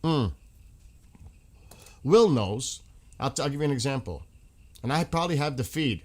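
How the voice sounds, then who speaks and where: A man's voice: medium pitch, animated, normal speed. A man hosting a casual livestream, rambling frankly and swearing freely. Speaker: livestream host.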